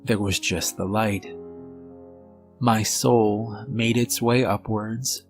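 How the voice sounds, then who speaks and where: A man giving a measured, scripted first-person narration of a horror story. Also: fairly low pitch, steady tone. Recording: faint music bed under voice. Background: soft background music.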